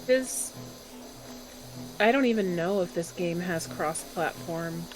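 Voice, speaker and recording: A woman's voice: fairly low pitch, slow pace, over music, poor audio. Laid-back female co-streamer. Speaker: co-streamer guest. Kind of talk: casual chat while gaming.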